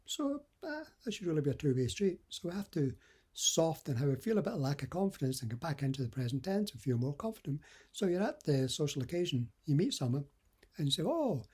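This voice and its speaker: A middle-aged man speaks with a husky edge in a mellow, warm tone. He gives dating and confidence advice in an earnest, conversational way. He often acts out little example dialogues. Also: on the high side, big pitch swings, fast. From west coast of Scotland. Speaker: dating coach. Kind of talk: motivational advice talk.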